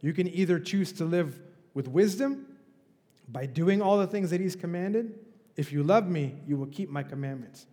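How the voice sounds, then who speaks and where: A man's voice: fairly high pitch, normal speed, warm tone, in a large hall. A male pastor preaching a sermon in a conversational, emphatic way, with rhetorical questions. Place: church.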